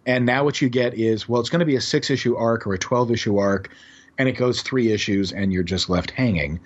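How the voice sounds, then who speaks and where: A male podcast guest who tells stories about odd old comics in a lively way and chuckles as he goes. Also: mid-range voice, fairly quick, highs cut off, slight background noise. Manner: animated storyteller, chuckles while describing odd comics. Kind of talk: casual podcast conversation.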